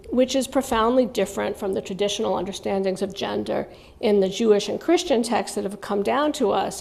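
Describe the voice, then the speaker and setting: A woman's voice: medium pitch, creaky, darkish tone. A woman writer giving a reflective spoken lecture, earnest and stressing key words. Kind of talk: spoken lecture on religious texts.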